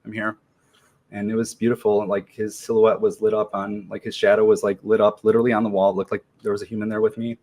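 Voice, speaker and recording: Man, 40s, podcast guest: low, even delivery, laid-back and slangy, full of ums. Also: quick pace, hardly any pauses. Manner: relaxed, slangy, many ums and restarts. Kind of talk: casual storytelling interview.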